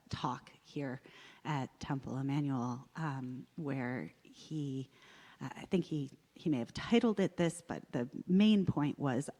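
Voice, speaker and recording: Slow, low-voiced emphatic woman. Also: mellow. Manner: emphatic, with many fillers. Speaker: class participant. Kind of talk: group discussion. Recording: long hall reverb.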